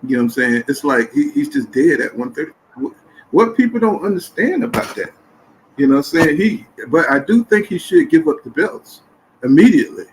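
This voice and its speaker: Dude hosting a boxing talk stream, animated, keeps circling back, faint noise behind. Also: male voice, a little high, brisk, poor audio. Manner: animated, keeps saying "you know what I'm saying". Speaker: boxing talk show host. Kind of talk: casual chat.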